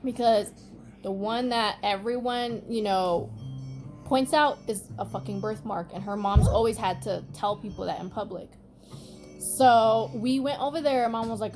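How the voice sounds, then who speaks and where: A woman's voice: fairly high pitch, unhurried, over music. A young woman telling a story to camera at home in a casual, profane, chatty way, breaking off now and then to scold someone nearby. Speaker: vlogger.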